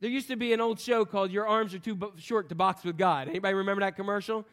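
A man preaching a sermon, animated and playful, acting out voices in the stories he tells. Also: high voice, fast. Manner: animated, acts out voices in quotes, jokes with the congregation. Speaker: pastor.

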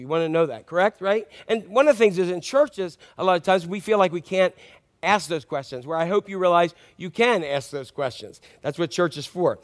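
A man's voice: high-pitched, animated, brisk. A male pastor delivering a conversational sermon and often asking the congregation questions.

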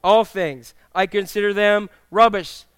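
A middle-aged male pastor preaching a sermon in a church, telling humorous stories with animated, acted-out quotes. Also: high-pitched, unhurried, smooth, no room sound. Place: church sanctuary with congregation.

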